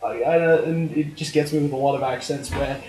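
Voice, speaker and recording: A man's voice: medium pitch, fairly even intonation, fairly quick, mellow. A man in his twenties chatting as a podcast guest, swearing and laughing as he talks. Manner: swears, laughs while talking. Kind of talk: casual chat. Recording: echoey room.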